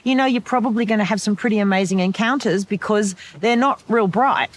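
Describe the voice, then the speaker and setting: An Australian woman chatting as a podcast guest, explaining with lively energy and breaking into bird-call imitations. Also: mid-range voice, a little fast, slight background noise. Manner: animated explainer who imitates bird calls. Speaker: podcast guest, wilderness survivor. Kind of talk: casual chat.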